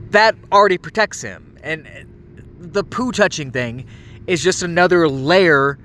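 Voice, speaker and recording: A man's voice: on the high side, bright, forceful tone. A man in his late thirties delivering an angry, heavily profane ranting monologue, stumbling over restarts as he goes. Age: late 30s.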